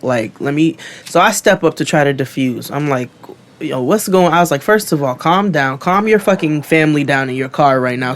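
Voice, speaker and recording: A man telling a long story on his podcast, animated and profane, acting out what everyone said. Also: on the high side. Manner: animated, profane, acts out quotes. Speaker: podcast co-host. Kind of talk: casual storytelling.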